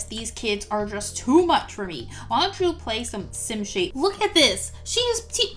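A woman casually commentating her game, excitable and giggly, with lots of ums and surprised exclamations. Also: a little high. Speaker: gameplay video host.

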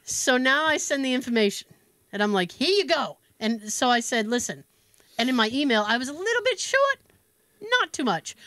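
A woman's voice: high-pitched, sing-song, moderate pace, bright, forceful tone, dry recording. An American woman co-hosting a podcast, telling a story in a casual chat and acting out both sides of a phone call. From United States. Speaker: podcast co-host.

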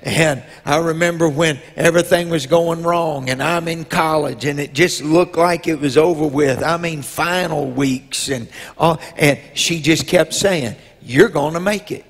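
A man, a bishop preaching a sermon as a personal story, telling it slowly with drawn-out pauses and rising to loud emotional peaks. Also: on the high side, fairly even intonation. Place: church sanctuary. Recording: long reverb in a church hall.

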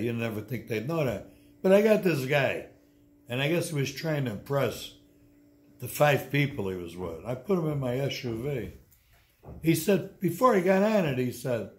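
A man in his eighties telling blunt, gruff stories about running tours, in a casual sit-down interview at home. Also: medium pitch, sing-song, normal speed. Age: 80s. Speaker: interviewee and tour guide. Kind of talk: casual storytelling. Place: indoors at home.

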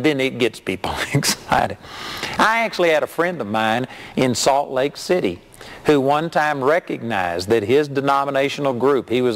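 A middle-aged man preaching a sermon as a television minister, reading scripture and telling stories with animated mimicry. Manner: animated storytelling, mimics hyped preachers in a high voice.

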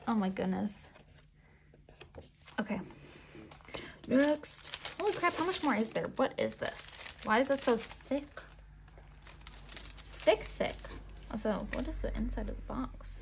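Woman unboxing stuff and freaking out over photos, kinda high voice with a gravelly edge, faint hiss behind. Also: a little slow, long pauses. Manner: gushing, excitable, talks to the photos. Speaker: unboxing vlogger. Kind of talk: casual unboxing commentary.

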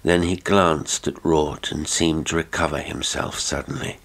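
Super deep guy reading a horror story, slow and grave. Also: fairly even intonation, vocal fry, a bit bright. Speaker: audiobook narrator. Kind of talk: dramatic horror narration.

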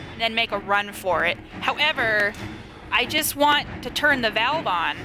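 A young woman live-streaming a horror game, chatting with viewers and shrieking at scares. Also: fairly high pitch. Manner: screams and laughs at jump scares, chats with viewers.

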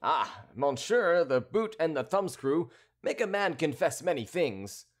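A man voicing a sly, composed townsman who speaks politely and in a measured, teasing way. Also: on the high side, very animated, pitched above the performer's own voice.

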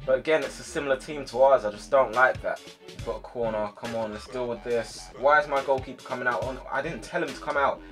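A young man giving live commentary on his own football video game match, excitable, yelling at his players and sighing in frustration. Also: medium pitch, normal speed, faint music behind. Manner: excitable, shouts at players, swings to frustrated sighs. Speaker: gaming YouTuber.

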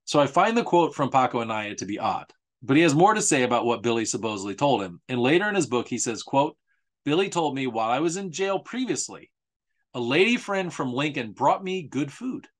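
A man's voice: medium pitch, big pitch swings, brisk. A man presenting a history talk in a casual, sarcastic, conversational way, often repeating himself for emphasis. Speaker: author presenting a history series.

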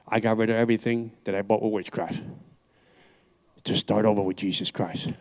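A man's voice: fairly low pitch, fairly even intonation, moderate pace. A man from New York City, an evangelist preaching his personal testimony into a handheld microphone at a church service, intense and emphatic, repeating his phrases.

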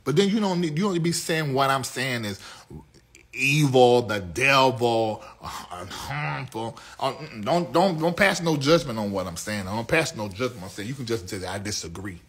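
A man's voice: expressive, moderate pace, slightly rough. Sassy flamboyant male talk show host. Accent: Southern US. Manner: sassy, flamboyant, swings from low mutters to loud outbursts. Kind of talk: live talk show monologue to chat.

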